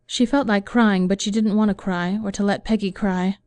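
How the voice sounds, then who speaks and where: A woman narrating an audiobook in a measured, even reading voice. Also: medium pitch, dry recording. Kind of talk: scripted narration.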